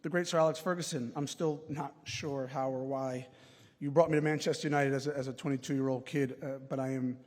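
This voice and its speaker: A man's voice: mid-range voice, steady tone, a little fast, darkish tone. Man giving a speech in an echoing hall. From United States. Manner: earnest, with frequent fillers and restarts. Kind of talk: prepared acceptance speech. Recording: long reverb of a large hall.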